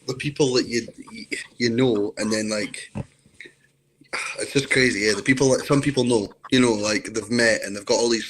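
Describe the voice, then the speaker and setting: A man's voice: medium pitch, fairly even intonation, normal speed, slight background noise. A Scottish man from Scotland, chatting as an interview guest on a video call, telling rambling stories. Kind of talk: casual chat.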